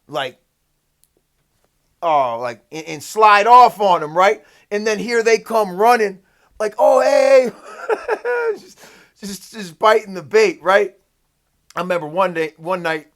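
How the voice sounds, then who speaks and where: A storyteller vlogger shares a personal story in a casual, profane, rambling way, loosely sprinkling in "like" and frequently asking "right?". His high voice has a fairly bright tone, and he speaks slowly with long pauses.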